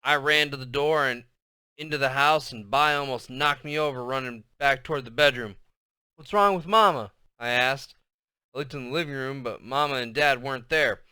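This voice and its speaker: A man narrating a novel in the first person with a bright, crisp voice in a dry, close recording. His storytelling is expressive, sinking soft and low when the tension builds. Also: normal speed, dry recording. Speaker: audiobook narrator.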